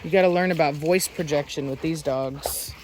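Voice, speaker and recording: A woman vlogging casually in a rural yard, chatting to the camera and breaking off to shout sharp commands at her dogs. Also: sits low, normal speed, a little hiss or hum. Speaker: dog breeder and vlogger. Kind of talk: casual vlog narration.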